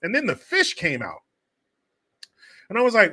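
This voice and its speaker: A man's voice: high voice, huge pitch swings, moderate pace, sharp tone, breathy edge. A man hosting a casual livestream, joking and swearing as he reads and answers viewer comments. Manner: profane, joking, reads chat aloud. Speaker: host.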